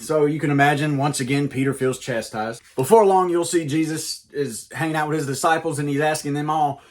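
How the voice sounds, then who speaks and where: A man's voice: a little high, brisk, hardly any pauses. Wisecracking man giving a comic Bible lesson. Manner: jokey, casual, wisecracking. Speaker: comedic preacher, host.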